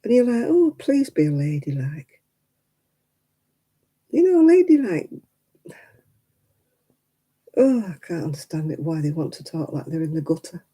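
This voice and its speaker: A woman's voice: lowish voice, normal speed, pauses often, dark tone, husky, rough recording. An older woman chatting on her craft livestream, ranting indignantly and rambling with plenty of fillers. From United Kingdom. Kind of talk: casual chat while crafting.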